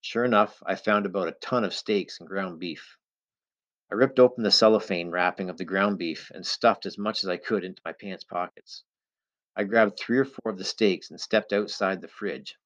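Low-voiced man narrating an adventure tale. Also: a bit bright. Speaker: audiobook narrator. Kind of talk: first-person adventure narration. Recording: dull lo-fi recording.

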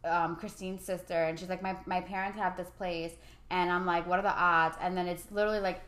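Woman podcast host, relaxed and reflective, slightly low voice. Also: a little fast. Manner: relaxed, filler-heavy, reflective. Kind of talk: casual podcast chat.

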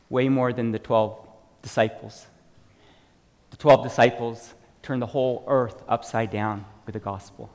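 A man preaching and telling a testimony story, acting out the people in it and raising his voice for emphasis. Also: mid-range voice. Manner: animated storyteller, acts out dialogue, shouts for emphasis. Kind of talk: sermon with personal testimony. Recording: reverberant hall.

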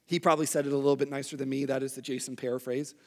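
A young man preaching a casual, conversational sermon, swinging into loud acted-out outbursts. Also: medium pitch, flat delivery, racing. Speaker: pastor.

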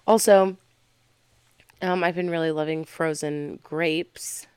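A woman co-hosting a casual podcast chat, telling animated stories with loud mimicry and swearing. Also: deep voice, slow pace, clear, resonant tone, dry recording. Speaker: podcast co-host.

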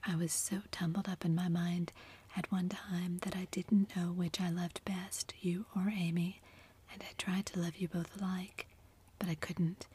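A woman voicing an earnest, remorseful young man in love, in a soft, pleading, heartfelt whispered role-play. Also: fairly low pitch, slight background noise, lightly acted.

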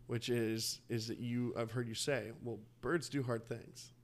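A man's voice: medium pitch, fairly even intonation. A young man co-hosting a podcast, chatting casually and eagerly, laughing often. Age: young adult. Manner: enthusiastic, quick to laugh. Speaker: podcast co-host. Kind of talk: casual chat.

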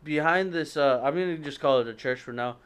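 A man's voice: a little high, a little fast, clear, resonant tone. A young man telling a long story to friends, rambling and hesitant, with lots of fillers and self-corrections. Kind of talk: casual storytelling among friends.

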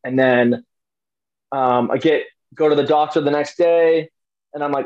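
A man's voice: medium pitch, fairly even intonation, brisk, a little mellow, dull audio. A young man, an interview guest, telling a personal story casually with lots of fillers and restarts. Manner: rambling, many fillers and restarts.

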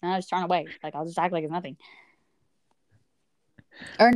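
A woman's voice: fairly low pitch, fairly quick, dry recording, studio quality. A woman in casual chat with a friend, telling stories animatedly and acting out what people said. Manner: animated storyteller acting out texts. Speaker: friend chatting.

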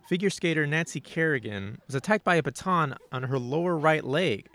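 A man hosting a comedy show, delivering mock news jokes and bickering in a deadpan, defensive way. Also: a little high, brisk, few pauses, slight background noise. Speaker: comedy podcast host.

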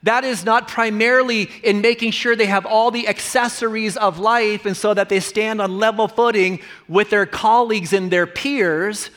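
A man's voice: high voice, steady tone, moderate pace, hardly any pauses, a bit bright. A man, a pastor, preaching a sermon in an earnest, conversational way and repeating key lines.

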